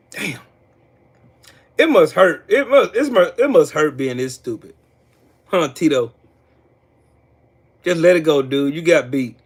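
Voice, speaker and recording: A man's voice: a little high, lively intonation, a little slow, pauses often, husky. A man hosting a livestream and ranting about politics, taunting and trash-talking a viewer and laughing often. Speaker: livestream host. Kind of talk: heated political rant.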